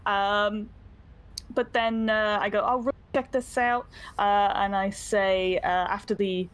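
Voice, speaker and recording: A woman player in a tabletop game, playful and quick to laugh. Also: mid-range voice, fairly even intonation, clean tone. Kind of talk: casual tabletop game chat.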